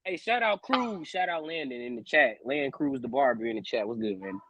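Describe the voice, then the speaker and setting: A man co-hosting a casual sports talk show who keeps cutting in with teasing remarks and sudden loud calls. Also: medium pitch, expressive, brisk, no room sound. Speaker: morning show co-host.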